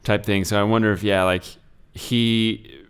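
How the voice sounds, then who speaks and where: Deep, smooth-voiced man on a podcast. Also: fairly even intonation, a little slow. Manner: hesitant, searching for words, many fillers. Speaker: podcast co-host. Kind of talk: casual film discussion.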